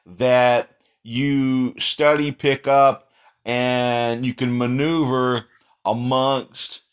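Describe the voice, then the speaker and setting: A man's voice: medium pitch, flat delivery, extremely slow, smooth. A male interview host with an ordinary mid-range voice. He praises his guest with effusive enthusiasm in a casual chat.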